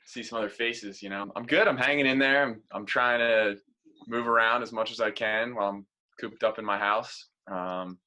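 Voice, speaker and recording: Upbeat male athlete guest, late twenties, bright tense tone. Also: on the low side, steady tone, normal speed. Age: late 20s. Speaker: podcast guest, volleyball player. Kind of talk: casual chat.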